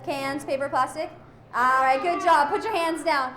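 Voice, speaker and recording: A woman's voice: sits high, normal speed, pushed and bright, echoey room. A woman presenting animals to a young audience as a zoo educator, playful and full of questions for the children.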